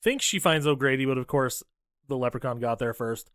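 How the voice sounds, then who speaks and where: Recapping a horror film on a podcast, this male co-host is casual, foul-mouthed and sardonic, tossing off quick character voices. His mid-range voice is fairly bright, clear and resonant. The studio-quality recording is dry.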